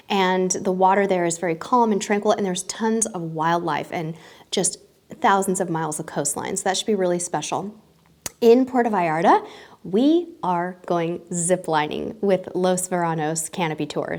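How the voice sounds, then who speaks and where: A woman's voice: on the low side, a little mellow. A woman in her thirties, a travel vlogger, talking casually and cheerfully to her viewers with small self-corrections. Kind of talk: casual vlog talk to camera.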